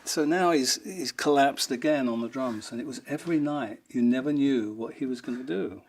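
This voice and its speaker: A man's voice: mid-range voice, normal speed. A man being interviewed, telling funny stories with frequent chuckles and voices for the people in them. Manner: chuckling, animated retelling with acted quotes. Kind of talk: anecdotal storytelling.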